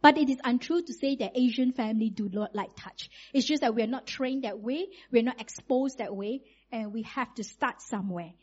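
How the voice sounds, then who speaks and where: Woman preacher, high voice, lively and chatty, muffled recording. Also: normal speed, husky. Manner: lively, conversational, acts out quotes. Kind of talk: sermon.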